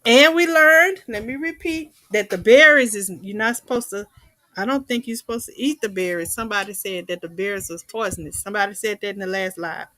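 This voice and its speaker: A woman's voice: medium pitch, fairly quick, bright, forceful tone, no room sound, poor audio. A woman hosting a casual livestream, chatting, reading viewer comments aloud and laughing often. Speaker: livestream host.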